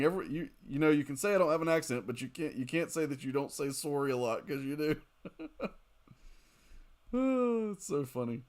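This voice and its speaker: Late at night, a man streams a mobile game and chats casually, reading viewer comments aloud while joking and laughing often. His mid-range voice is animated and moves at a normal speed.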